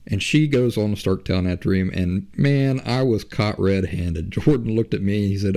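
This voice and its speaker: A man's voice: fairly low pitch, normal speed, vocal fry, hardly any pauses, mellow. A man hosting a podcast, telling a story in a loose, chatty, conversational way. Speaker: podcast host. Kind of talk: casual spoken storytelling.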